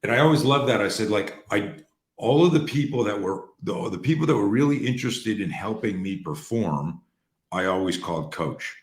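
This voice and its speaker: A man hosting and coaching on a call, telling stories in a lively, profane way and acting out the dialogue. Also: on the low side, normal speed, echoey room. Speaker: host and coach. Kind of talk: conversational storytelling on a call. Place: room on an online call.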